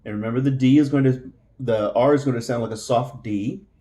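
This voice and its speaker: A man's voice: medium pitch, fairly quick, warm tone. A man teaching a Spanish lesson, explaining patiently with frequent fillers and repeating each word. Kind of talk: slow explanatory language lesson.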